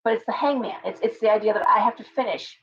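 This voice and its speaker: A woman's voice: on the high side, fast talker, slight background noise. A woman hosting a casual livestream tarot reading, talking in a chatty, rambling way with restarts and asides. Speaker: tarot reader, livestream host. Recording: dull lo-fi stream audio.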